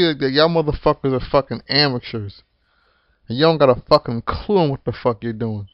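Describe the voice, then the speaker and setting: A man's voice: fairly high pitch, normal speed, no room sound. A man giving a profane, rambling rant about wrestling, full of swearing and restarts. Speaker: wrestling commentary vlogger. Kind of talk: profane ranting monologue. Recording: dull lo-fi dry recording.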